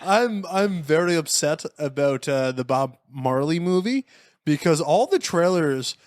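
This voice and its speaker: A man's voice: a little high, animated, measured pace, dry recording, studio quality. A young man hosting a comedy chat, rambling through stories and laughing often.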